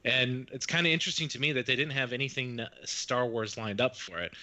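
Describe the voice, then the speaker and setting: Bright-voiced man hosting a podcast. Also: mid-range voice, fast talker. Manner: chatty, rambling with fillers and restarts. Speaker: podcast host. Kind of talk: casual podcast chat.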